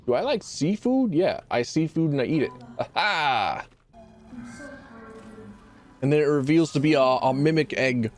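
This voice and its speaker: A man streaming a game, rambling casually and jumping into excited high yelps. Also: unhurried, long pauses, soft background music. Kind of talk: let's play commentary.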